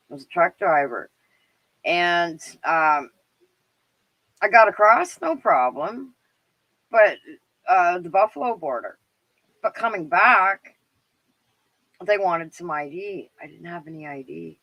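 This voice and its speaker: A woman's voice: on the low side, big pitch swings, slow, pauses often, fairly bright tone, dry recording, muffled recording. A middle-aged Canadian woman with a Canadian accent hosting a live stream, chatting casually and rambling with lots of fillers and laughs. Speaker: livestream show host.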